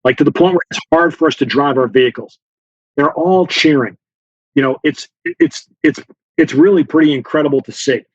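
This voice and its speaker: A man speaking in a fairly high, husky voice, recounting events as a guest on an interview show. He acts out the lines of the people in his story and talks with frequent fillers. The sound is dry and a bit muffled. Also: normal speed, dry recording. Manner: animated storyteller, acts out dialogue, many fillers. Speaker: guest author, former Special Forces officer.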